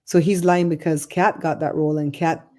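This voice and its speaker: A middle-aged woman hosting a casual livestream from home, chatting and telling stories in an animated way. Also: sits low, moderate pace. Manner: chatty, animated storyteller reading chat. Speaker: livestream host.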